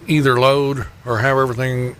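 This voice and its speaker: Bright-voiced male radio host. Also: medium pitch, little pitch movement, normal speed, slight background noise. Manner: easygoing, laughs along, asks leading questions. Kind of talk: casual interview chat.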